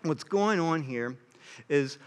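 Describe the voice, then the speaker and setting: High-voiced earnest young male preacher. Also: takes it slowly, smooth. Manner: earnest and animated, acting out quoted lines. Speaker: pastor. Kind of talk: sermon.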